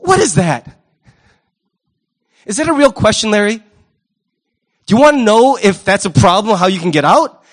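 A male pastor preaching a sermon in an animated, wry way, often jumping into quoted voices. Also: high-pitched, moderate pace.

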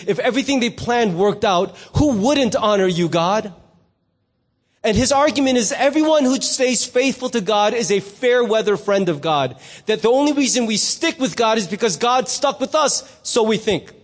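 A man preaching a sermon as pastor, conversational, with rhetorical questions. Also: extremely high pitch. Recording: long reverb in a hall.

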